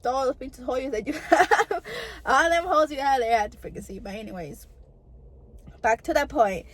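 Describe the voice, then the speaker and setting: A woman's voice: high-pitched, moderate pace, low-quality recording. Chatty young woman telling a storytime. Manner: chatty, lots of "like" and "girl" fillers. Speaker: vlogger. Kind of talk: casual storytime chat to camera.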